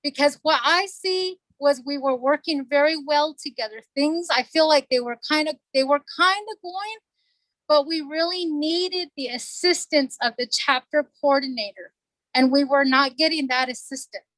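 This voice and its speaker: A middle-aged woman with a high voice speaks as a council delegate at a community meeting. Her voice is close and dry, with no room sound. She talks earnestly and with emotion, going back over her points to drive them home. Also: moderate pace, fairly bright tone, no echo, low-quality recording. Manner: earnest, emotional, repeats herself for emphasis.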